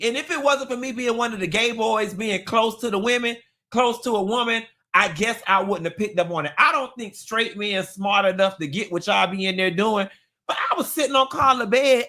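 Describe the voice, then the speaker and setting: A man hosting a live gossip talk show, sassy and animated, with sudden squealing jumps in pitch. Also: normal speed. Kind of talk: live-stream gossip commentary.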